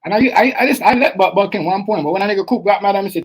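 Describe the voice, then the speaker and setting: A man hosting a casual livestream, talking straight to his chat in a streetwise, animated way that repeats itself a lot. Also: high-pitched, very fast, slightly rough, low-quality recording. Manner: animated, repetitive, streetwise slang, addresses chat directly. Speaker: livestream host.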